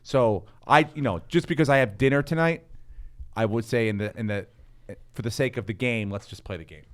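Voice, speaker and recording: A man's voice: mid-range voice, a little fast. A man with a voice in the middle range, chatting as a podcast guest. He sounds easygoing and wry, and he laughs along with the host while he apologizes. It is casual live banter.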